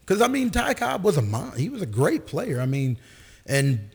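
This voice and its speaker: Casting: man, husky, sports radio co-host, animated slangy banter. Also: on the high side. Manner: animated, slangy, quick to joke.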